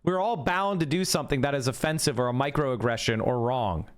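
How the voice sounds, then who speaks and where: A male live streamer in casual chat, arguing his points quickly and talking straight to his viewers, his voice going hoarse. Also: medium pitch. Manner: fast, argumentative, talks straight to chat. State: losing his voice.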